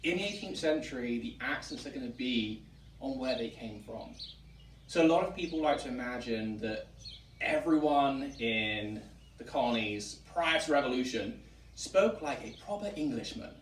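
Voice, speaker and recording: A man's voice: mid-range voice, moderate pace. English man explaining in a roomy tavern. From England (Wiltshire). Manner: chatty, explains at length with many ums. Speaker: museum director and host. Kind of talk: casual explanatory chat. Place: historic tavern room, indoors. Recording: roomy, distant mic, faint background noise.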